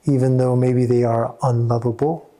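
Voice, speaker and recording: A man, a therapist and coach, speaking earnestly to a small audience, halting with many restarts. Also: mid-range voice, little pitch movement, warm tone.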